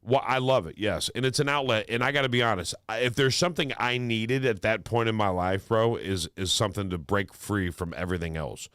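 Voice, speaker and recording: A man's voice: lowish voice, fairly quick, hardly any pauses, fairly bright tone, clear, resonant tone, no echo, clean studio sound. A man co-hosting a radio show in casual chat, rambling and restarting his sentences as he makes his point. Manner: rambling, self-interrupting, emphatic.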